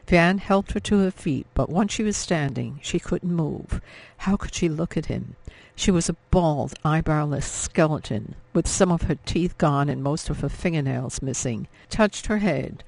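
A man narrating an audiobook in a measured, emotive reading. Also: on the high side, vocal fry, no echo. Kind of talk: scripted narration.

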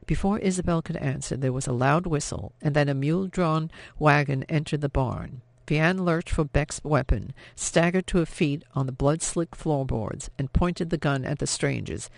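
Gravelly male audiobook narrator. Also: a little high, moderate pace, few pauses, no room sound. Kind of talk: scripted narration.

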